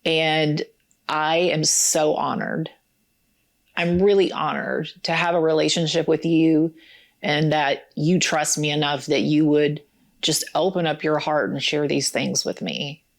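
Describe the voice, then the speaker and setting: Host, woman, early fifties, low voice, earnest and emotional. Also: steady tone, unhurried, creaky. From rural United States. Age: 50s. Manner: emotional, tearful at times, sincere. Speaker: podcast host. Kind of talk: heartfelt conversation and closing to camera.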